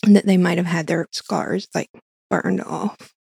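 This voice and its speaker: A woman co-hosting a casual fan podcast, her mid-range voice gravelly and husky with a dark, mellow tone. She talks insistently and restarts her sentences, recorded close and dry. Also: fairly low pitch, fairly even intonation, measured pace. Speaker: podcast co-host.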